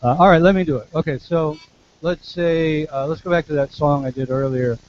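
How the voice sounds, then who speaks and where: A man's voice: on the high side, steady tone, brisk. Man coaching singers, muffled sound. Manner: explains with sung examples, repeats words. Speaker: vocal coach. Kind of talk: teaching demonstration.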